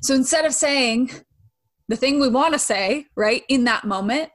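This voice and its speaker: A woman's voice: high-pitched, normal speed. A young adult woman hosting a podcast in a casual monologue, talking conversationally and often tagging her points with "right?". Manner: conversational, frequent "right?" tag questions. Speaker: podcast host.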